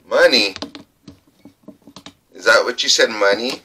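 A man's voice: lowish voice, expressive, moderate pace, noisy background. A man running a ghost-hunting vlog inside an old trailer, calling out to spirits, nervous and breathing hard. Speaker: paranormal investigator.

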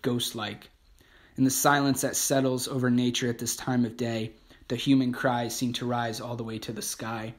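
A man narrating an audiobook in a slow, measured way. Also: medium pitch.

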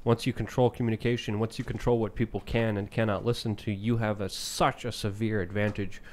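A man's voice: lowish voice, level tone, fairly quick, darkish tone. Man, co-host, casual panel talk, earnest, lecturing.

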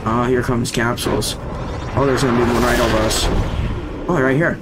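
A young man giving casual, excitable gameplay commentary, jumpy and slangy, with sudden yelps when startled. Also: mid-range voice, moderate pace, pauses often, background noise. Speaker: gaming YouTuber. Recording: game music and sound effects behind voice. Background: loud game music.

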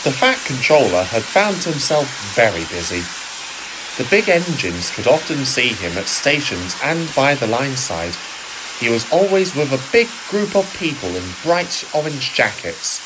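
A man narrating a storybook audio reading in a slow, measured way. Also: mid-range voice, very animated, noisy background. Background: music.

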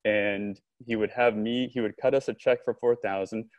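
A man, a podcast guest and company co-founder, telling a long story in an animated conversational way, acting out remembered dialogue. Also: fairly low pitch, normal speed, dry recording, highs cut off. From Southern California. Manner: animated storyteller, frequent restarts and quoted dialogue.

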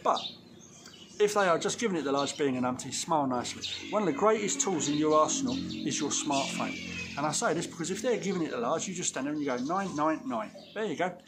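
A fast-talking, animated window cleaning business owner with a fairly high voice speaks over loud music. Recording a casual vlog outdoors, he gives viewers blunt, cheeky, slangy business advice directly.

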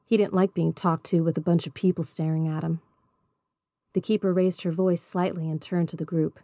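Woman reading a novel, mellow and dry. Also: lowish voice, level tone, normal speed, no room sound. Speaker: audiobook reader. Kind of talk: storybook narration.

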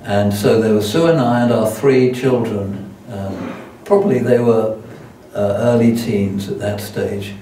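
A man's voice: lowish voice, unhurried, warm tone, a little hiss or hum. An older man preaching as a guest, telling a self-deprecating story with many restarts. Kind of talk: sermon with anecdotes. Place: church hall. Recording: echoey church hall from far off.

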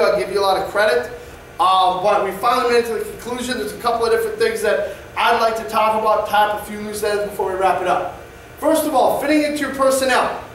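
A man's voice: high voice, a bit bright, slight background noise. A male basketball coach explaining offense plays in an instructional presentation, often checking in with "all right?". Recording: echoey distant room mic.

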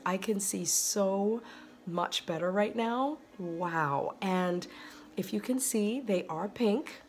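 A woman vlogging casually to her phone by a bright window at home, chatting and gushing over yarn with breathy exclamations. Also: medium pitch, slow. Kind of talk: casual chat to camera. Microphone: phone camera.

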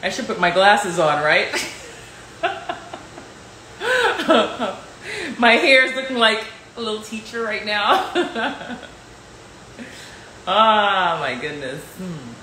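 A woman's voice: medium pitch, very animated, drawn-out words, long pauses, bright, forceful tone, reverberant, a little hiss or hum. A woman chatting casually with viewers on a live stream from her home kitchen, playful and laughing often, talking into her phone. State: sore neck.

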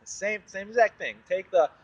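A man's voice: on the high side, slightly rough, distant mic, lo-fi sound. A young man giving a casual, profane lesson on screaming technique, breaking into demonstration screams. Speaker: vocal coach.

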